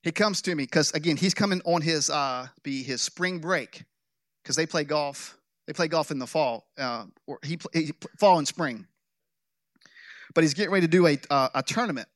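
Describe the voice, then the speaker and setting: A man pastor preaching a sermon, telling a story with jokes and animated delivery. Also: on the high side, moderate pace, no room sound, clean studio sound. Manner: animated, joking, with restarts.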